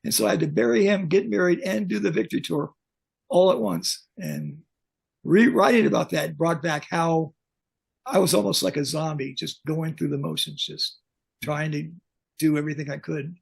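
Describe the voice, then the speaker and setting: A man's voice: on the high side, normal speed, vocal fry, breathy edge. An older man, a veteran pyrotechnics technician, telling blunt, joking stories in an interview over a video call. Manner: blunt, joking, animated anecdotes. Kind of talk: casual storytelling interview.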